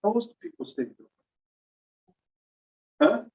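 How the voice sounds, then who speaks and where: A man's voice: unhurried, a little mellow. A man teaching a classroom lecture, explaining step by step and putting questions to the class. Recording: dull lo-fi classroom recording.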